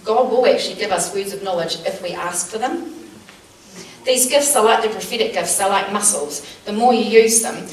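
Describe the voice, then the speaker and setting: A woman teaching a small church group, telling personal stories in an earnest, animated way with lots of fillers. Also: mid-range voice, normal speed. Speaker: church speaker. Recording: roomy sound from a distant mic, faint background noise.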